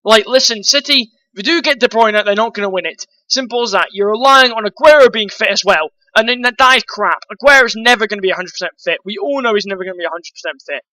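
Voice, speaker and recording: A man with a high, bright, sharp-edged voice rants about football transfers, blunt and quick to swear. He talks straight at his viewers, calling them guys. The sound is close and dry, with no room around it. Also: no room sound, poor audio. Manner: blunt, ranting, swears freely. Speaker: football vlogger. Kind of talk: opinionated transfer-news rant.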